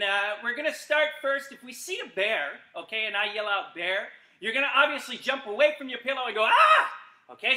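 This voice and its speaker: A middle-aged man, a gymnastics coach leading a live kids' exercise class from an empty gym, energetic and calling out commands with playful yells. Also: very high voice. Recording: echoey gym.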